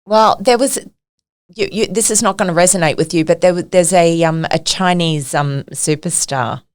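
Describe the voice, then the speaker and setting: A woman's voice: lowish voice, normal speed. A middle-aged woman, a podcast guest, telling stories in casual conversation and often laughing as she talks.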